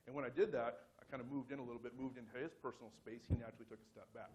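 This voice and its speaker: A man's voice: medium pitch, steady tone, very fast, hardly any pauses, a little mellow, a little hiss or hum. Chatty man telling a story on stage. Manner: casual, rambling, many fillers and restarts; self-mocking humor, laughs at own story. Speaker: conference speaker. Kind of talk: live storytelling talk.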